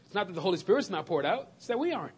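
A man preaching a sermon to his congregation, animated, laughing and shouting at times. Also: sits high, racing, breathy edge. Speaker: pastor. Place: church sanctuary.

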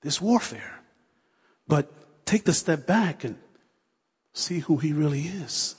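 A man's voice: a little high, animated, slow, darkish tone, husky. A man in his forties preaching a sermon with fervor, repeating phrases as he builds toward prayer in a church hall. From United States. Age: 40s. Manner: fervent, repetitive, building to prayer. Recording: long reverb of a hall.

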